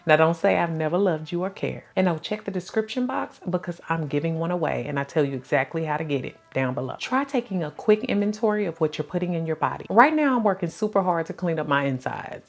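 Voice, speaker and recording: A woman in her thirties, a lifestyle vlogger talking straight to her viewers in a chatty, playful and emphatic way. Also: lowish voice. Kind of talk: casual direct-to-camera vlog.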